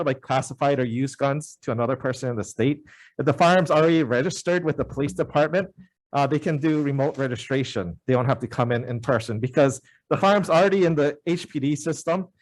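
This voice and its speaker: Halting man testifying at a hearing. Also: fairly high pitch. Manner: halting, many uh fillers, earnest. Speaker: member of the public testifying.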